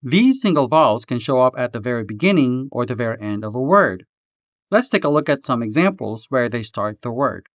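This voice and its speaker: A man teaching a language lesson, reading a script slowly and carefully, spelling out each syllable. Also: mid-range voice, big pitch swings, dry recording, lo-fi sound. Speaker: language tutor.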